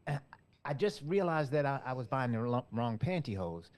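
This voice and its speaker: Male interviewer, middle pitch, a warm halting conversational questioner. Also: sing-song. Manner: halting, many fillers and restarts, encouraging.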